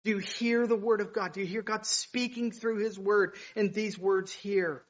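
A man's voice: high voice, fairly even intonation, normal speed, highs cut off. A man preaching a sermon, building to emphatic, rising bursts as he reads scripture. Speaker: pastor.

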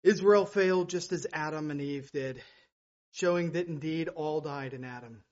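A high-voiced man delivers a fervent sermon at normal speed, repeating phrases for emphasis. He swings from loud, ringing declarations to hushed, prayerful passages, and the recording sounds dull and lo-fi.

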